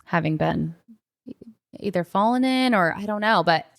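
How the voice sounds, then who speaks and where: A woman's voice: medium pitch, lively intonation, normal speed, gravelly. A young adult woman hosting a podcast in casual chat, rambling and filling her talk with "like.". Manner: chatty, rambling, heavy use of filler "like". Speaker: podcast host. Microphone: podcast microphone.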